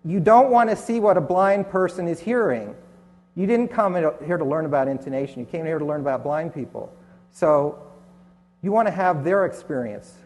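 A man's voice: on the high side, lively intonation, moderate pace, a little mellow. Sardonic male conference speaker. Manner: sardonic, dry humor. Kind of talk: presentation talk. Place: hotel conference hall. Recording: long hall reverb in a conference hall.

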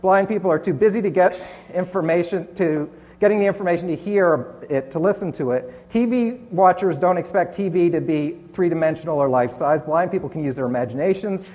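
A man's voice: high-pitched, brisk, a little mellow. A man giving a conference presentation with sardonic, dry humor in a hotel conference hall. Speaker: conference speaker. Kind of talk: presentation talk. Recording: long hall reverb in a conference hall.

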